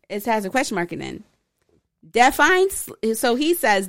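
A woman co-hosting a casual podcast, a little tipsy, telling a story in an animated way. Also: mid-range voice, normal speed, no echo, studio quality. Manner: animated storytelling, reads out posts with emphasis. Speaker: podcast co-host. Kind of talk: casual chat.

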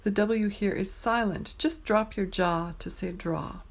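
A woman teaching pronunciation, saying each word slowly and clearly, with pauses between words. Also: mid-range voice. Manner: carefully enunciated single words with pauses. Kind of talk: slow, deliberate pronunciation drill.

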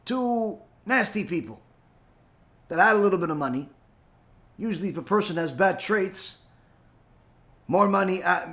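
Male teacher, high voice, lively storyteller who acts out his characters. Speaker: Torah teacher. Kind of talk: storytelling lesson.

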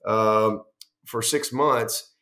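A middle-aged man, a head football coach, telling long animated stories in a conversational interview, restarting sentences and acting out quoted dialogue. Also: on the low side, extremely slow.

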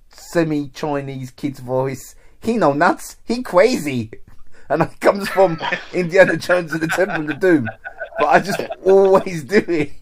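A man's voice: a little high, a little hiss or hum. A man hosting a podcast, chatting casually and joking with friends. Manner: laughing, jokey banter. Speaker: podcast host. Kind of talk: casual chat.

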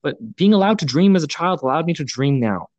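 A young man hosting a podcast, talking in an earnest, reflective way, pausing often with fillers. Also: on the high side, expressive, darkish tone, no room sound, highs cut off. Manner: earnest, thoughtful, halting with many fillers. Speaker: podcast host. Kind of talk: reflective casual podcast talk.

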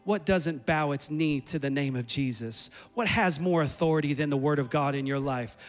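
Speaking at a moderate pace in a slightly high voice, a male pastor delivers a sermon in a church sanctuary. His preaching grows more urgent and repetitive as it builds, and he goes on to lead a prayer.

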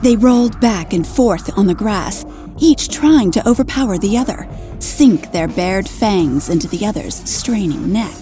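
A woman narrating an erotic story in a slow, sultry reading, with faint music behind. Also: mid-range voice, animated, warm tone.

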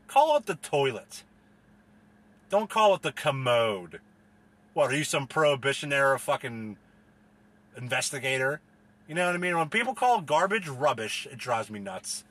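A man's voice: a little high, a bit bright. A man from the US delivering a profane, rambling, exasperated comedic rant as a solo podcast host.

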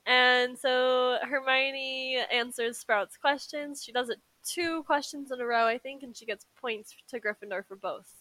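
A woman's voice: sits high, fairly even intonation, measured pace, few pauses, pushed and bright, no echo. A woman co-hosting a podcast in a casual book discussion, laughing often between remarks. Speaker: podcast co-host.

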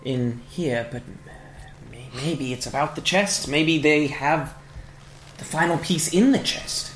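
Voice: medium pitch, slow pace, slight background noise. Musing tabletop player, echoey room. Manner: thinks aloud with "uh" and loose musings. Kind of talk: casual tabletop game play. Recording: echoey room with faint music.

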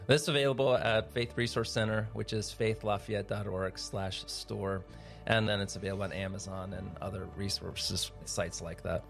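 A man's voice: lowish voice, moderate pace, gravelly, faint music behind. A middle-aged man, a pastor and guest author, talking in a casual podcast interview and telling family stories with growing animation. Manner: warm storyteller, grows animated and laughing in anecdotes.

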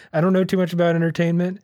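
A man's voice: high-pitched, monotone, fairly quick, darkish tone, no room sound, highs cut off. A man co-hosting a podcast, chatting casually and cracking jokes. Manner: joking, chatty. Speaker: podcast co-host.

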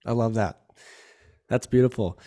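A man's voice: mid-range voice, normal speed, mellow. A man hosting a podcast, affirming and encouraging his guest in candid conversation. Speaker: podcast host.

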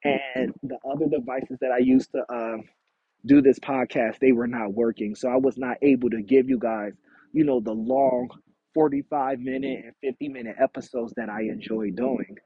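A man hosting his own podcast, giving listeners updates in a casual, unhurried, rambling way with many fillers. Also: mid-range voice, fairly even intonation, husky, dry recording, phone-quality sound. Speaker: podcast host. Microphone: phone or small home setup.

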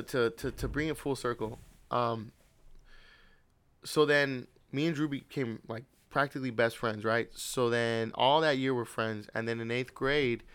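Young man, podcast host, casual storytelling, rambling, swears a lot, animated. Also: medium pitch, clean tone.

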